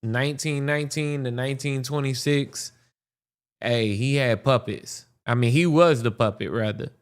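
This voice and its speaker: A man's voice: mid-range voice, moderate pace, smooth. A man hosting a podcast, reacting to a history video in casual, profane commentary, thinking aloud with restarts.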